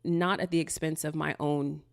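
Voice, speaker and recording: A woman with a fairly low voice talks through viewer questions in a relaxed, unfiltered way. She leans on "like" constantly, curses freely and laughs between thoughts. The sound is dry, with no room echo. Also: normal speed, vocal fry. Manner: loose and candid, heavy use of "like", frequent swearing. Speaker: manifestation coach. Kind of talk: casual Q&A monologue.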